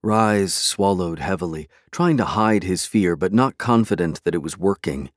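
In this scripted audiobook narration, a lower-voiced man tells the story with measured drama. The recording is close and dry, with no room sound.

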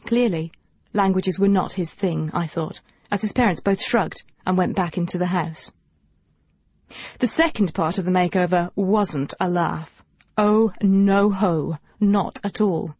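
Woman narrating with lively, wry humour. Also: on the low side, unhurried, slightly rough, dry recording. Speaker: audiobook narrator. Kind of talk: first-person novel narration. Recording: dull dry audiobook recording.

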